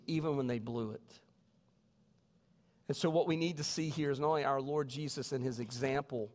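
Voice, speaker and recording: A man, a pastor, preaching a sermon with animated storytelling. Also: medium pitch. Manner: animated storytelling, voices quoted people. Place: church sanctuary. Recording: long reverb of a church hall.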